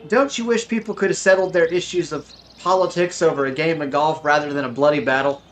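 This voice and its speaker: Man, streamer host, casual rambling chat, slightly high voice. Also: fairly even intonation, a little fast, soft background music. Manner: rambling, thinks aloud with fillers. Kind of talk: casual chat while playing.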